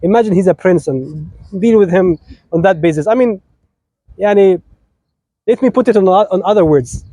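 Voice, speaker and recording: Chatty Egyptian-accented man, bright and dry. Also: high-pitched, moderate pace, pauses often, no room sound. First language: Arabic. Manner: chatty, teasing, keeps asking "right?". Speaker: officiant giving a wedding talk. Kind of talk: informal wedding sermon with jokes.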